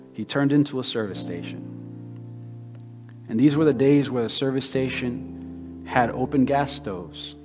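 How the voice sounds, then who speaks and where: Man, preacher, emphatic rhythmic lists, church hall echo, guitar underneath. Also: medium pitch. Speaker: pastor. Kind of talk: sermon with closing prayer. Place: church sanctuary. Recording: reverberant hall with guitar music. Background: soft guitar playing.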